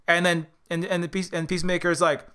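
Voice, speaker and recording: A man talks in a loose, rambling way, restarting his sentences, swearing now and then and acting out what others might say. His voice sits high and sounds sharp and crisp. He comes across as an indie game maker chatting to his audience. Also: little pitch movement, fast talker. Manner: acts out others' lines in quoted voices. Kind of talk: casual spoken commentary.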